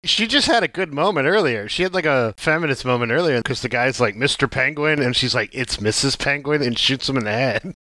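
A man's voice: mid-range voice, animated, fairly quick, sharp tone, dry recording. A man co-hosting a casual movie podcast, joking around and slipping into mock voices. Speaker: podcast co-host.

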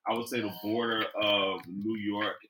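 Deep laid-back man, faint noise. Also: level tone, moderate pace. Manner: laid-back, hesitant with many ums. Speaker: co-host. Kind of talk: casual chat.

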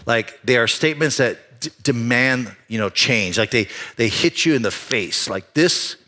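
A man preaching a sermon as pastor, telling a personal story in an animated way with frequent restarts. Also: mid-range voice, unhurried.

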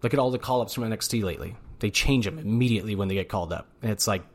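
Rambling, excitable man swearing freely. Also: on the low side, rapid-fire. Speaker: podcast co-host. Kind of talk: casual chat. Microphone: studio mic.

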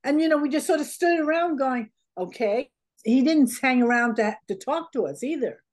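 A woman's voice: high-pitched, normal speed. A woman being interviewed, telling stories casually with plenty of laughs and quoted dialogue. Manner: animated, laughs often, acts out quoted dialogue. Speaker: interview guest. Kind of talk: casual anecdotal storytelling.

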